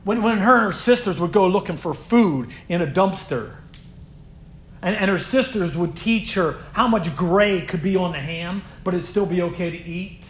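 A man who leads a youth group, telling stories in an inspirational sermon, earnest and repeating words as he builds, dropping to a hush and then rising loud. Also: sits high, normal speed, a little hiss or hum. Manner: earnest, swings from hushed to loud emphasis.

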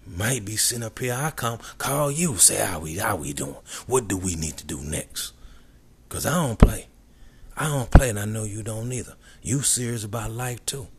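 A deep-voiced man with a husky edge talks with swagger and conviction. He piles up emphatic, repeated declarations about himself. Some lines drop to a breathy near-whisper, others rise loud. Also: animated, moderate pace, few pauses. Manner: boastful, confident, repetitive emphatic declarations. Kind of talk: motivational monologue.

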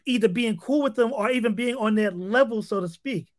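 A male podcast host who talks excitedly, stammering and restarting his sentences often. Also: sits high, fairly quick, dry recording. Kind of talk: casual interview talk.

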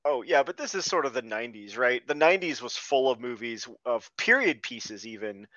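A man co-hosting a podcast, chatting casually about films in an animated, storytelling way. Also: mid-range voice, moderate pace, dry recording. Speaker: podcast co-host. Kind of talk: casual film review chat. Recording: dull, dry lo-fi mic.

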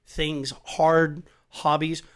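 Profane, animated middle-aged man. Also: a little high, extremely slow, clear, resonant tone. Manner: animated and profane, swears often, voice rising as he gets worked up. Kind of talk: casual chat.

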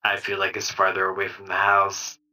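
A man playing a tabletop role-playing game, talking in a wry, deliberate way. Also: low voice, completely flat delivery, bright, forceful tone, low-quality recording. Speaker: player. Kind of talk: casual tabletop game chat.

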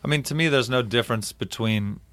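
A man's voice: medium pitch, fairly quick, fairly bright tone. A man from the Southern California desert, a podcast guest talking in a laid-back, joking way with casual swearing.

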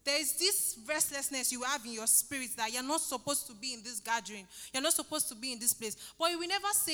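Fervent high-voiced woman preaching in a hall. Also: expressive, brisk, pushed and bright. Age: 30s. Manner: rising fervent pleading, repeating phrases. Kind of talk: sermon with altar call.

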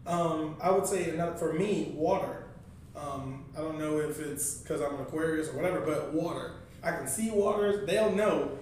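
A man chatting casually as a podcast guest, telling stories with lively acted-out quotes. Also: on the high side, moderate pace, slight background noise. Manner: animated storyteller acting out quoted voices. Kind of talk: casual chat. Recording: echoey room, far from mic.

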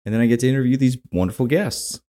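A man's voice: mid-range voice, very fast, dark tone. A man hosting a podcast, talking in an easygoing, casual way. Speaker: podcast host. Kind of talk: casual chat.

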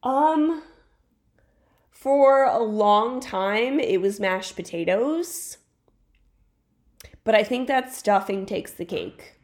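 A woman's voice: fairly high pitch, slow, long pauses, a little mellow. A woman co-hosting a podcast in casual chat, telling stories emphatically and laughing often. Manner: enthusiastic storyteller, emphatic and laughing. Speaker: podcast co-host.

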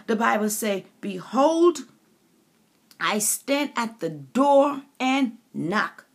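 Slow-talking gravelly woman from the Caribbean. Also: mid-range voice, very animated. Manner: preachy, calls listeners honey and baby. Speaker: author and inspirational speaker. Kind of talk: faith-based motivational monologue.

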